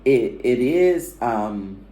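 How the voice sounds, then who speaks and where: A woman's voice: very deep voice, lively intonation, very slow, mellow. A woman co-hosting a vlog, telling travel stories in a chatty, rambling way with many fillers. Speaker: vlog co-host. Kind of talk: casual chat. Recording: echoey room.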